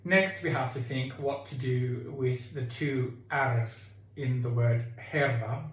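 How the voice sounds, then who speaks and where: Male choir director, slow deliberate delivery, very reverberant room. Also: mid-range voice. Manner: explains calmly, sings phrases to demonstrate. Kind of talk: choir singing tutorial. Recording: echoey room with keyboard.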